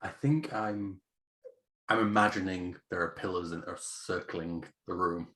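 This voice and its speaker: A man's voice: sits low, steady tone, unhurried, fairly bright tone, a little hiss or hum. A man playing a tabletop role-playing game, thinking aloud and describing his character's actions with many fillers. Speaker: player.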